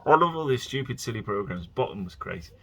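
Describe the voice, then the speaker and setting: Husky man rambling on a podcast. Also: mid-range voice, lively intonation, brisk, pushed and bright. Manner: rambling, chatty, breaks into exasperated rants. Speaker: podcast host. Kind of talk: casual solo podcast rambling.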